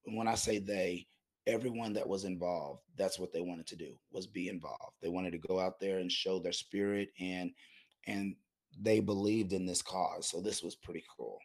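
An easygoing man talking as a guest on a casual chat, quick to laugh. His voice is very low and gravelly, with a husky edge. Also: fairly even intonation.

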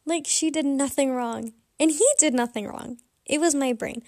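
A woman's voice: high-pitched, normal speed, darkish tone, no echo, clean studio sound. A young adult woman telling a candid, rambling personal story in a casual confessional vlog. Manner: candid, rambling, self-reflective. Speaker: vlogger.

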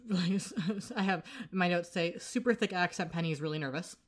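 A woman's voice: fairly low pitch, normal speed. A woman co-hosting a podcast, casually recapping a TV episode, full of fillers and acting out the characters' lines. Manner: chatty, acts out quoted lines, lots of fillers. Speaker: podcast co-host.

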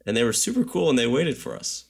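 A young man casually telling a travel story on a podcast, animated and full of filler words. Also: medium pitch, fast talker, vocal fry, husky.

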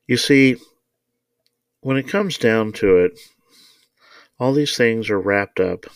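A man's voice: on the low side, takes it slowly, smooth, no room sound, studio quality. A man hosting a podcast, reading from a novel and commenting with indignant rhetorical questions. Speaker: podcast host.

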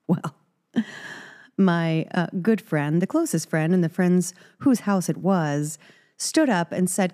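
A woman's voice: on the low side, lively intonation, slow, warm tone. A middle-aged woman from Texas, hosting a podcast and telling a personal story in an intimate, giggly way, often dropping into whispers. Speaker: podcast host.

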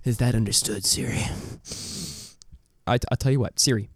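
A man hosting a podcast, teasing and giggly, talking in playful halting banter. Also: lowish voice, fairly even intonation, gravelly, no room sound, clean studio sound. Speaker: podcast host.

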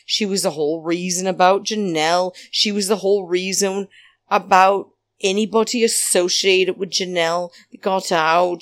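A middle-aged woman giving a rambling, blunt, opinionated recap of a reality show, full of fillers. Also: no room sound. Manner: rambling, blunt, many fillers, big pitch swings. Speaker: reality TV commentator.

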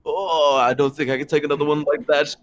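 Guy doing a fussy panicky orc, pitched up high, all fluster. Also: fairly even intonation, fairly quick, close to an everyday voice. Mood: fretful. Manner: fussy, exclaiming. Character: flustered male orc slap contestant, fussy.

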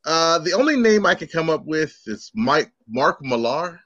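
A man co-hosts a podcast in loose, joking chat, swearing freely as he gets worked up. His voice is bright and a little high, recorded close and dry. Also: big pitch swings, normal speed, no echo, lo-fi sound. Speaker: podcast co-host. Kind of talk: casual chat.

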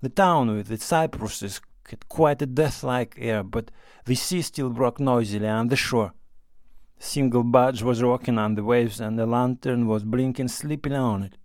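An audiobook narrator, male, reads a classic novel in scripted narration, calm and even at a middle pitch and a moderate pace. The recording is dry and close, without any room echo.

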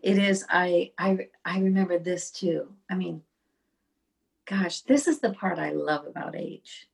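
A middle-aged woman with a low, gravelly voice and a husky, breathy edge. She tells animated stories as a podcast guest, often restarting her sentences. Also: a little slow. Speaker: songwriter guest. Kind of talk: casual podcast conversation.

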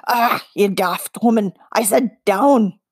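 A woman voicing a gruff male creature who rasps and hisses his words. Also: mid-range voice, takes it slowly, dry recording, studio quality. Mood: urgent. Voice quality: rasping, hissing.

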